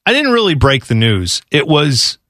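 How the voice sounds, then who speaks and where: A man's voice: on the high side, huge pitch swings, moderate pace, fairly bright tone, no room sound, clean studio sound. A man co-hosting a sports talk show in casual banter, rambling and laughing, often acting out quotes in other voices. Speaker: radio sports show co-host.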